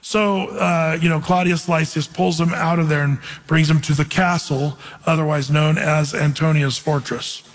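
A man, a pastor, teaching through a Bible passage in a lively, conversational way and reading verses aloud. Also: fairly high pitch, moderate pace, few pauses. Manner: animated, conversational, reads scripture aloud. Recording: reverberant hall.

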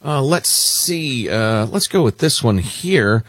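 A man's voice: medium pitch, lively intonation, takes it slowly, a bit bright, breathy edge, dry recording. A man co-hosting a talk radio show, chatting casually and wryly reading listener emails aloud. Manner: wry, conversational, reads emails aloud with emphasis. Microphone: studio microphone.

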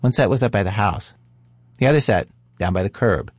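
A male podcast host with a fairly low voice. He narrates calmly and asks curious questions. The sound is dry and close. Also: a little fast, slightly rough, no room sound. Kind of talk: narration and interview.

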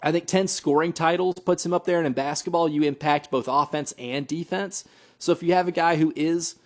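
A man with a slightly higher voice makes his case in a relaxed sports debate. He argues earnestly, stumbling over a word now and then and laughing lightly as he reasons aloud.

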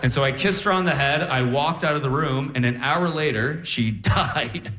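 A young man performing a stand-up set on stage, animated and laughing as he acts out voices. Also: on the high side, moderate pace. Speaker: stand-up comedian. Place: comedy stage before a live audience.

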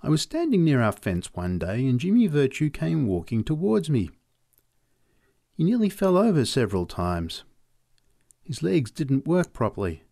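A man reading short stories aloud in a measured storytelling manner. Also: no room sound, clean studio sound. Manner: measured storytelling, lively pitch. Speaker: reader. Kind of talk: audiobook narration.

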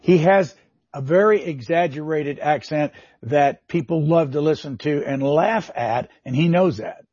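An older man over sixty hosting a radio interview, introducing clips and asking questions in a measured, conversational way. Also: on the high side, darkish tone, husky, no room sound. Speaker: radio show host. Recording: dry, slightly dull studio sound.

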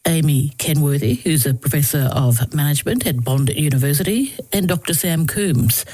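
A woman's voice: low voice, normal speed, a little mellow, breathy edge, no echo. A woman hosting a community radio interview, asking friendly, probing questions. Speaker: radio host.

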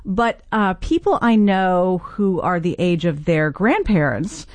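A middle-aged woman hosting a public radio interview, asking measured questions and reading scripted introductions. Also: on the low side, lively intonation, a little mellow, dry recording. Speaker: radio show host.

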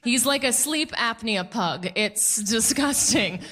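A woman performing a stand-up comedy set before a live audience, quick and playful, mocking the people she quotes. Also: on the high side, big pitch swings, pushed and bright.

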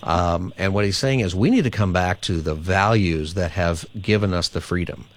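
A man's voice: low voice, moderate pace. A man hosting a call-in radio talk show, explaining his views earnestly and often repeating words as he thinks aloud.

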